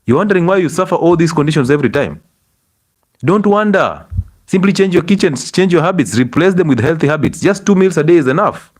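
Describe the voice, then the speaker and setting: With a slightly high voice and a fairly quick pace, a middle-aged man, a doctor with a Kenyan English accent, lectures an audience on health in a lively way and chides them with rhetorical questions.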